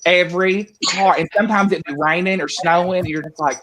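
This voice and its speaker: A man's voice: high voice, steady tone, a little fast, a bit bright, slight background noise. A man with a Southern Appalachian accent telling stories in casual chat, often laughing and mimicking locals. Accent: Southern US, East Tennessee.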